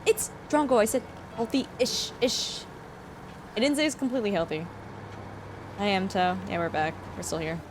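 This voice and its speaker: A young woman chats on a live stream, gushing and emotional, laughing between near-tears as she thanks her viewers. Her voice sits at a middle pitch. Faint engine sounds from a game hum behind her. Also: sing-song, brisk. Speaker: livestreamer. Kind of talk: casual livestream chat reading to viewers.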